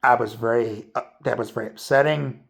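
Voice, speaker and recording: A man talks through a movie review in a loose, rambling way, full of fillers and casual swearing. His voice carries a noticeable gravelly fry, while his pitch sits in an ordinary middle range. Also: fairly even intonation, brisk, a bit bright. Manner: rambling, profane, lots of fillers.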